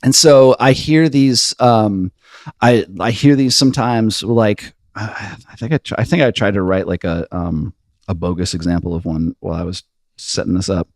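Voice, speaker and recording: A man's voice: fairly low pitch, moderate pace, dry recording, studio quality. A man co-hosting a music podcast, chatting casually about songwriting in a rambling way, full of fillers and restarts. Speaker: podcast co-host.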